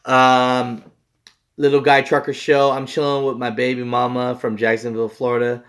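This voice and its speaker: With a completely flat delivery at a moderate pace, a young truck driver telling a loose story to his channel's viewers swears freely and keeps saying "like" and "you know." His voice is medium-pitched and fairly bright.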